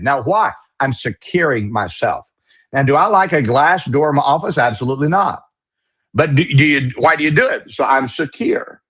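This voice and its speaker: A middle-aged man preaching a sermon as pastor, forceful and emphatic, with folksy, mocking asides. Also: mid-range voice, expressive, normal speed, slightly rough.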